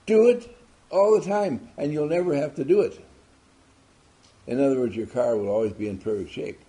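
A man's voice: mid-range voice, normal speed, dark tone. A man giving an emphatic motivational talk to a group, asking many rhetorical questions. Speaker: motivational speaker.

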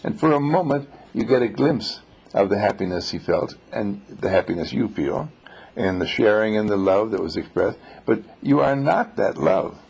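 A man's voice: fairly low pitch, animated, normal speed, vocal fry, darkish tone, slightly rough, low-quality recording. A man teaching a small class on spiritual matters, telling stories and posing rhetorical questions.

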